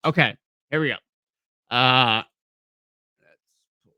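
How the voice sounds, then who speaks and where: Southern male podcast host, higher voice, casual and halting, reads aloud with frequent apologies to viewers. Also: bright, forceful tone, clear, resonant tone, no echo. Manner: stumbling reading aloud, apologetic asides. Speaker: live stream podcast host. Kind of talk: casual live stream, reading aloud.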